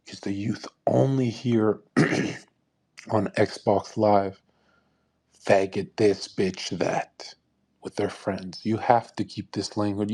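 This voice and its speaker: Crude, lecturing young man, low voice. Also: mellow. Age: young adult. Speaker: speaker on a live audio call. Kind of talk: unscripted preachy monologue. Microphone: online voice call.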